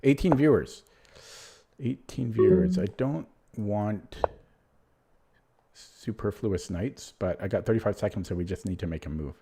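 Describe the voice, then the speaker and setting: A man's voice: low-pitched, normal speed, noisy background. A man streaming live chess, thinking aloud in a casual, rambling way and muttering moves half to himself. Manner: casual, self-deprecating, rambling asides. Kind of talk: live commentary while playing online chess.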